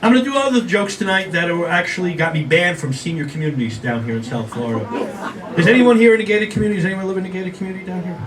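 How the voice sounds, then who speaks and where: An older man performing a stand-up comedy set for a live audience, wisecracking and self-deprecating with quick asides to the crowd. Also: high voice. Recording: distant room sound with noticeable background noise.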